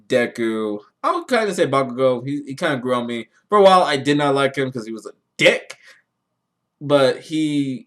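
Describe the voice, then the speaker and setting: Rambling, profane young man chatting solo. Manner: rambling, profane, excitable, pitch jumps when worked up. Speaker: podcast host. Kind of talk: casual solo chat about anime.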